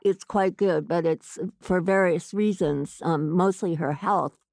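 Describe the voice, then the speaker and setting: A woman's voice: lowish voice, unhurried, darkish tone, no room sound, studio quality. A woman author answering interview questions in a thoughtful, hesitant way with many fillers.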